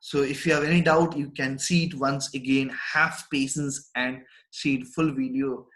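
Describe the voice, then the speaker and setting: Brief: man with an Indian English accent, teacher reading a story aloud and explaining it in a live class, mid pitch, restarts a lot. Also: level tone, moderate pace, a bit bright, poor audio. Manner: reads lines aloud, then explains them with restarts. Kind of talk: live online lesson, reading and explaining a text.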